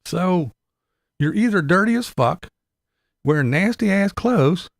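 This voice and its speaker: Gravelly man ranting about everyday hassles. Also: high voice, animated, measured pace, no room sound, clean studio sound. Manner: rambling and sarcastic, swears a lot. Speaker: vlogger. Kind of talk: casual profane chat.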